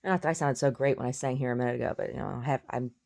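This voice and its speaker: A woman's voice: rumbling low, steady tone, very fast, vocal fry, a little mellow. Woman ranting from bed in her groggy morning voice, blunt and opinionated, rambling along. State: groggy first-thing-in-the-morning voice. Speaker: vlogger. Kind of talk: casual monologue. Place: in bed at home.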